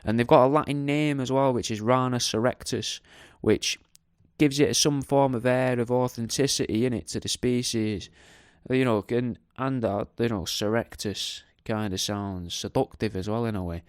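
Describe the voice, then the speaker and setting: A middle-aged man hosts a radio show in a loose, rambling monologue. He jokes crudely, drifts off topic and keeps tagging on little questions. His voice is smooth and clear, at a middle pitch, with a dry, close sound. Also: normal speed, dry recording. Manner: jokey, crude and digressive, tag questions.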